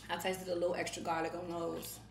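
A woman's voice: fairly low pitch, completely flat delivery, brisk, vocal fry. A woman hosting a mukbang video, chatting casually while eating, bossy and teasing, scolding bluntly with some cursing. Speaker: mukbang channel host. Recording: roomy echo, noticeable background noise.

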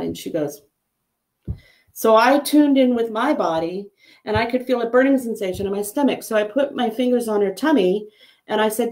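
A middle-aged woman, a psychic medium, chatting casually and telling a story in an animated, lively way. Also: moderate pace. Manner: chatty storyteller, animated with pitch jumps on quoted lines. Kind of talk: casual chat.

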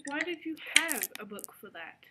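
A young woman playing an excitable female musketeer in an improvised online game role-play, shrieking one moment and whispering the next. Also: high-pitched, moderate pace, heavy background noise. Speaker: player voicing a musketeer in an online animal game.

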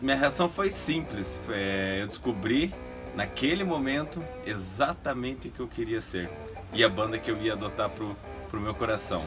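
A low-voiced man tells a heartfelt memory for an interview. Loud guitar music plays behind him. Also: brisk. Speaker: fan interviewee.

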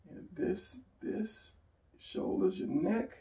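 Gravelly man teaching drawing, echoey room. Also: sits high, expressive, slow pace, warm tone, recorded from a distance. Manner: rambling, talks to himself while sketching. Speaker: drawing instructor. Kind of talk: casual drawing tutorial.

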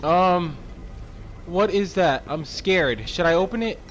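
A man's voice: high-pitched, expressive, takes it slowly, noisy background. A young man playing a scary zombie game, chatting nervously and breaking into shrieks and screams when startled. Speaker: gaming streamer. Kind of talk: frightened gameplay commentary. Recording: loud game sounds behind.

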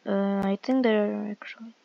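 A woman's voice: medium pitch, fairly even intonation, normal speed, creaky, no room sound, lo-fi sound. A woman giving casual, hesitant gameplay commentary with many fillers while walking through a game. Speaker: game walkthrough creator.

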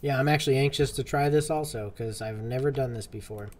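A man's voice: mid-range voice, fast, darkish tone. A young man casually commenting on a role-play game, joking and talking back to the characters. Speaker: gaming video host.

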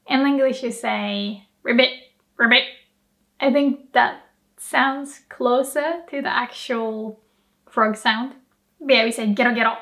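A young Japanese woman with a Japanese accent, giving a playful, casual language lesson and acting out animal sounds with frequent laughter. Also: a little high. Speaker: language teacher.

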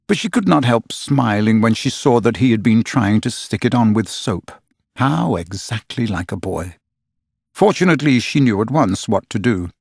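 A man reading a children's classic aloud as an audiobook narrator, with an expressive, wry storytelling manner and a husky voice. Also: on the low side, normal speed, no echo, studio quality.

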